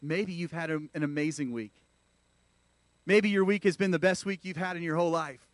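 High-voiced male pastor preaching. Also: fairly quick, no echo. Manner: preaching, calls out to the congregation. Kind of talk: sermon. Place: church.

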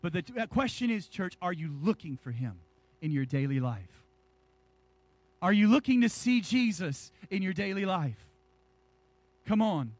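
High-voiced pastor preaching with energy. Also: male voice, measured pace, long pauses, no echo. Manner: animated preaching, jokes with the congregation. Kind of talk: sermon.

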